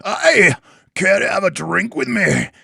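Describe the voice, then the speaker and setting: A man voicing a melancholy old tavern barkeeper, a former adventurer, in a deliberately bad put-on Scottish accent. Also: high voice, very animated, gravelly, bright, forceful tone, slightly rough, no room sound, studio quality, voice pushed up, full character voice. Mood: hammy. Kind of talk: tabletop game narration.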